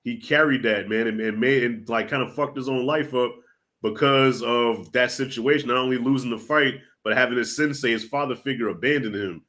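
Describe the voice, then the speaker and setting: A man guesting on a pop-culture podcast, telling stories in an animated, emphatic way with lots of repeated words and an openly sentimental streak. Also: mid-range voice, a little fast. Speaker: guest, fellow YouTuber.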